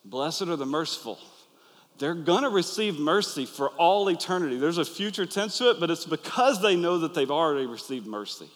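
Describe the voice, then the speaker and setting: A pastor preaching an earnest, animated sermon to his listeners, acting out the quoted lines. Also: on the high side, moderate pace. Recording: long hall reverb.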